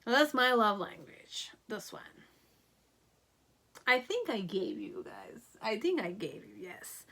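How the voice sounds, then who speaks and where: Slow, meandering woman tarot reader. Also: medium pitch, lively intonation, a bit bright. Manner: meandering, thinking aloud with many fillers. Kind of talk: pick-a-card tarot reading.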